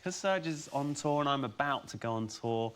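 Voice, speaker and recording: A man's voice: medium pitch, expressive, normal speed, fairly bright tone, clean tone. A man guesting on a chat show, getting over a cold, whimsical and laughing with surreal asides. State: recovering from a cold. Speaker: comedian guest. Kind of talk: casual chat show banter. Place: TV studio with audience.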